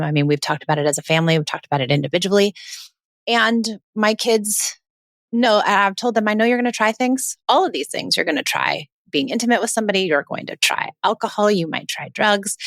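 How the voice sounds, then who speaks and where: A woman in her forties hosting a parenting podcast, telling a family story in a chatty, animated way and acting out the quoted lines. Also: fairly low pitch, gravelly, no room sound, clean studio sound. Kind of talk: casual storytelling monologue.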